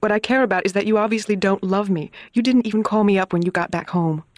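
An earnest young schoolteacher woman, voiced by a performer in a dramatized audiobook. She asks direct, pressing questions at a middle pitch. The sound is dry and close. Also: fast talker, dry recording, natural voice. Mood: hurt, pressing.

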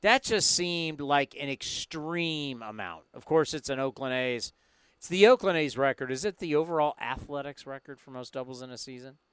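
A man's voice: medium pitch, expressive, moderate pace, fairly bright tone, smooth, dry recording. A man hosting a sports talk show, joking and asking a lot of questions.

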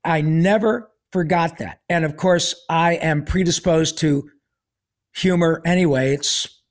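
A man's voice: fairly high pitch, a little slow. A man telling a personal story as a podcast guest in a casual, rambling way, full of fillers and restarts and with a wry sense of humor.

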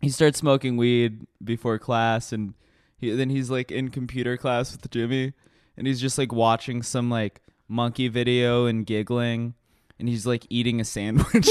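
A man's voice: medium pitch, level tone, clear, resonant tone, dry recording, studio quality. A man co-hosting a casual chat, rambling and laughing as he retells scenes. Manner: rambling, laughing, quick retellings with put-on quotes.

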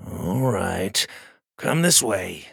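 A man voicing a skeptical, gruff studio gatekeeper, with a creaky, husky voice. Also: sits low, big pitch swings, very slow, fairly bright tone, dry recording, exaggerated voice. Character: skeptical flat-faced male gatekeeper.

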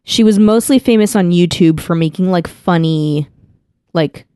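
A woman's voice: on the low side, unhurried, mellow, clean tone, dry recording, clean studio sound. A woman co-hosting a podcast, chatting casually, telling a rambling story with lots of "like" and restarts. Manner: chatty storyteller, heavy use of "like", frequent restarts. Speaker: podcast co-host. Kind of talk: casual chat.

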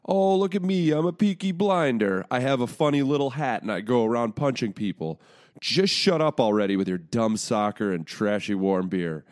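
A man's voice: medium pitch, lively intonation, normal speed, dry recording, clean studio sound, lightly acted. A man voicing a brash mock Cockney brawler in a fake Cockney accent, in a podcast ad read. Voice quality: shouty, exaggerated. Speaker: podcast co-host reading ad.

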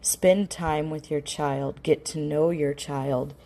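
A woman's voice: deep voice, fairly even intonation, slow pace, gravelly, dark tone. A middle-aged woman giving earnest, direct parenting advice in an instructional talk, with frequent restarts. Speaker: parenting educator.

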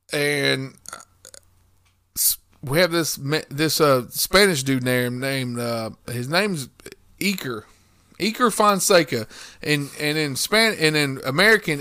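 Man, casual storyteller, slightly high and bright voice, swears freely, acts out quotes. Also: slow. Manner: profane, animated storytelling with quoted dialogue; lively retelling, rambling with restarts. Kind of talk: casual chat.

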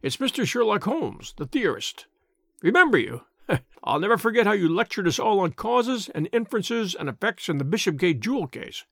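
A man doing a husky, wheezing, pompous police inspector. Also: high voice, very animated, normal speed, a bit bright, dry recording, clean studio sound, full character voice. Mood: patronizing. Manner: blustering, self-satisfied. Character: stout pompous middle-aged police inspector.

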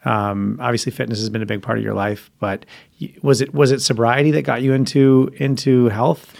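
A man's voice: mid-range voice, fairly even intonation, a little fast, vocal fry, darkish tone, no room sound. A man co-hosts a podcast with upbeat energy, often restarting his sentences. His voice sits mid-range and sounds dry and close to the microphone. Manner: enthusiastic, stammers on restarts. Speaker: co-host. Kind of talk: casual podcast chat.

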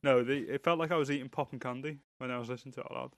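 Male co-host, mid-pitched, loose and jokey, in a dry booth. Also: steady tone, rapid-fire, no echo. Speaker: podcast co-host reviewing music. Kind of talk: casual chat.

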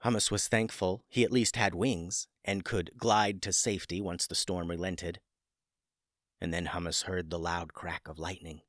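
A man narrating a children's story in a gentle storytelling manner, building the excitement through its dramatic parts. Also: low voice, normal speed, no echo, clean studio sound. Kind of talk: scripted narration.

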